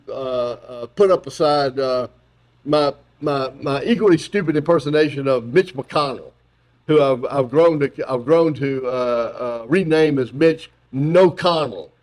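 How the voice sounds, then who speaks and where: A male philosophy professor giving a public lecture in an auditorium, talking in an animated, joking way with frequent restarts. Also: fairly high pitch, moderate pace.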